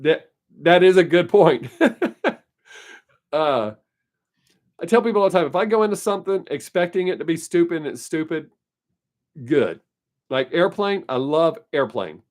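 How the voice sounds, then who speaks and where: Man, live stream host, casual chat, rambling and opinionated, slightly high voice. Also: lively intonation, normal speed, long pauses. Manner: rambling, opinionated, laughs often. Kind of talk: casual chat answering viewer comments.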